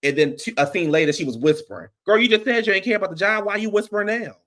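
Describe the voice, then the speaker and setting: A man's voice: sits high, animated, quick pace, fairly bright tone. A man hosting a casual chat, giving blunt, opinionated and profane movie takes. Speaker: podcast host.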